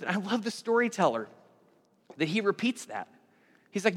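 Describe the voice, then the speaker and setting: Male pastor preaching, high bright voice, animated loud-to-hushed delivery. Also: moderate pace, long pauses, in a large hall. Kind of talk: sermon.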